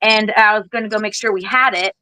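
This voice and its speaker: A woman in her forties, a military veteran being interviewed, telling her story in a candid, blunt, animated way, with casual swearing and lively acted-out quotes. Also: medium pitch, a little fast, dry recording, poor audio. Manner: animated, acts out other people's lines. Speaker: guest, Air Force veteran.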